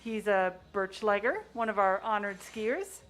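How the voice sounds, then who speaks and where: A woman's voice: mid-range voice, lively intonation, measured pace, fairly bright tone, faint music behind. A woman announcing skiers at a race finish line, welcoming each finisher by name in an upbeat way. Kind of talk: live race-call announcing.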